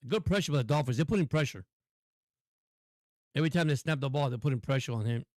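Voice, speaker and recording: A man's voice: mid-range voice, fast, darkish tone, no echo, studio quality. A man hosting a casual live football stream, giving chatty play-by-play and talking to his viewers. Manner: chatty, laughs often, talks to viewers. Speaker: sports stream host.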